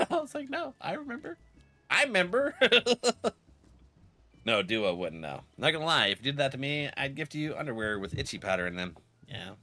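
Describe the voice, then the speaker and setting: A gaming streamer getting over a cold chats casually while playing, laughing often and acting out his friends' lines. His medium-pitched voice swoops wildly, with normal speed and a sharp tone, and faint music plays behind.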